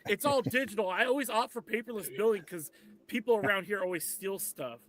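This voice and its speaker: A man from Oregon co-hosting a podcast, telling stories in an exasperated, animated way. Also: high-pitched, brisk, no room sound. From Oregon, United States. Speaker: podcast co-host. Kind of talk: casual chat.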